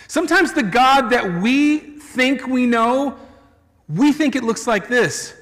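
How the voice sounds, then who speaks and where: Brief: high, bright male pastor, casual and animated in his sermon, echoey church hall. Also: takes it slowly. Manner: conversational, animated, playful asides.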